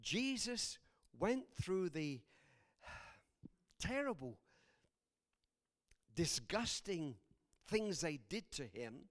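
A male preacher with a high, lively voice that leaps up and down as he preaches. He laughs between lines and swings from loud exclamations to hushed, quiet passages. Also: drawn-out words, pauses often. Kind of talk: sermon.

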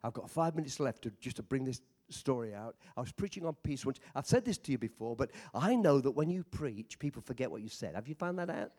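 A man preaching a sermon as a visiting preacher, impassioned, swinging between shouting and quiet storytelling, with joking asides. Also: mid-range voice, animated, a little fast, few pauses.

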